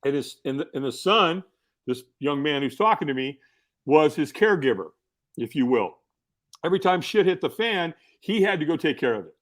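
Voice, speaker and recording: List: middle-aged man, podcast guest, slightly high voice, casual storyteller, lots of fillers. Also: moderate pace. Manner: animated storyteller, many fillers and restarts.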